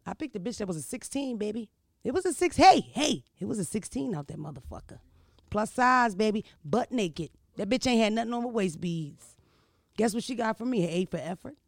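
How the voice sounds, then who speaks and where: A brash woman, chatting and telling stories in a loud, profane, animated way. Her voice has a gravelly rasp. The sound is dry and close, with no room around it. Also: medium pitch, fairly quick, no echo. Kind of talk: casual storytelling chat.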